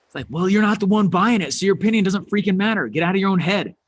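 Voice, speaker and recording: A man giving a live business talk on a stage, animated, rising to near shouts on key points. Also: sits high, fast talker. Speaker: speaker.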